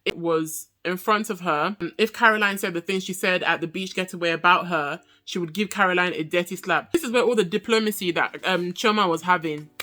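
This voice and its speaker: A woman's voice: lowish voice, fairly quick, few pauses, bright, forceful tone. Sassy chatty young woman reviewer. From Nigerian heritage. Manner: chatty, sassy, laughs often. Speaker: reality TV reviewer. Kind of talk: casual review chat.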